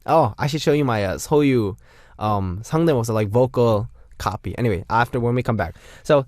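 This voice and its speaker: A playful male radio DJ, his pitch bouncing all over as he chats between songs. The sound is close and dry, with no room around it. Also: no echo. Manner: playful, chatty, jokey. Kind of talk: radio show hosting. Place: radio studio.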